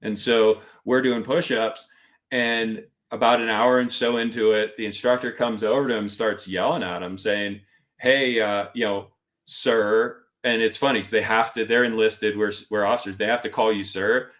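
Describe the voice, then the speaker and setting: With a fairly low pitch and a moderate pace, a middle-aged man shares a story on a podcast where he's a guest. The casual telling is lively, as he performs others' voices and acts out the instructors' lines as quotes.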